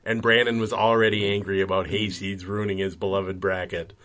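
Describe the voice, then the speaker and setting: A man's voice: low voice, flat delivery, a little fast, fairly bright tone. A man co-hosting a casual podcast, making sardonic, mock-grumbling jabs and wry comparisons. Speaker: podcast co-host.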